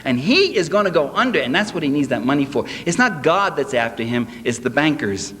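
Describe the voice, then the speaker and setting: Man, sarcastic public speaker, fairly high voice, live lecture in a reverberant hall. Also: fairly quick. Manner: sarcastic, animated, mocks quotes. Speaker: political lecturer. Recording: echoey hall, faint hiss.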